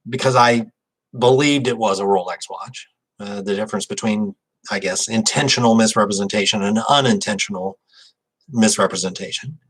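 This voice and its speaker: A man's voice: on the low side, a little slow, fairly bright tone, breathy edge, low-quality recording. A man, an auctioneer, explaining a legal point in an informal talk, thinking aloud with frequent fillers and restarts. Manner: reads a quoted passage aloud.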